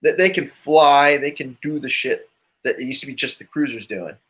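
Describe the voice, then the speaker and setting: A man's voice: mid-range voice, normal speed, a bit bright. A man co-hosting a podcast in casual chat, rambling and loose, full of asides. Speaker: podcast co-host.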